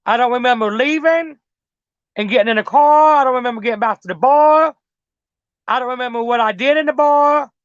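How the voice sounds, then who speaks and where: A woman's voice: sits high, fairly quick, dry recording. Rambling woman on a dull, dry recording. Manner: rambling, repetitive, swears freely. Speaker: interview guest. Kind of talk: casual storytelling.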